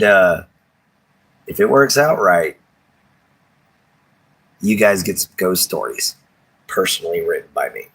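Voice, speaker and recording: A man's voice: sits low, gravelly, pushed and bright, breathy edge. A man hosting a casual live stream, chatty and affectionate with many fillers.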